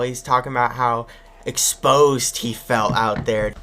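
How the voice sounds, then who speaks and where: A man's voice: mid-range voice, steady tone, measured pace, sharp tone, slight background noise. A man appearing as a podcast guest, casually retelling a film's plot with lots of fillers and acted-out quotes. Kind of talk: casual film recap chat.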